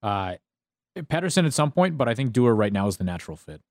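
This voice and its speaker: A man's voice: mid-range voice, big pitch swings, fast talker, no room sound, studio quality. A man co-hosting sports radio, thinking aloud in casual chat and checking in with "right?". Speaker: radio show co-host.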